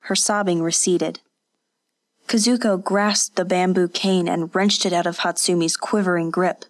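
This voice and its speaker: A woman narrating an audiobook in a measured, unhurried manner. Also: on the low side, fairly even intonation.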